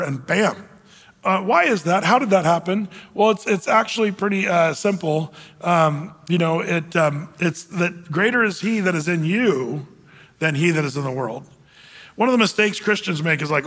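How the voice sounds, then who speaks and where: A man with a high voice preaches in a casual, conversational way. He slips into sarcastic mock voices to poke fun at gullible believers. His words ring out with a long reverb through a church sanctuary. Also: very animated, moderate pace, fairly bright tone. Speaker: pastor. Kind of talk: sermon.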